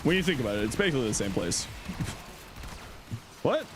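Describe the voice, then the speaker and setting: A man's voice: medium pitch, big pitch swings, brisk, background noise. A middle-aged man chatting casually on his livestream, answering chat in a playful, teasing way and laughing often.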